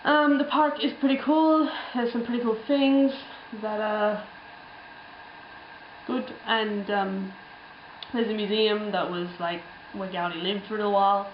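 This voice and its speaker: A woman's voice: mid-range voice, fairly even intonation, measured pace, reverberant, muffled recording, a little hiss or hum. A young woman telling a travel story in a casual, rambling way, full of ums and little laughs. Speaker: travel vlogger.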